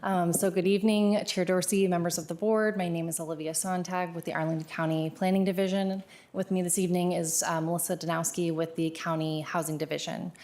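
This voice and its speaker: Gravelly-voiced woman giving a staff briefing. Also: fairly low pitch, brisk. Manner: steady and businesslike, with frequent "um" fillers. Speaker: county planning staff presenter. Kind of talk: formal staff briefing to a board. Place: public meeting chamber.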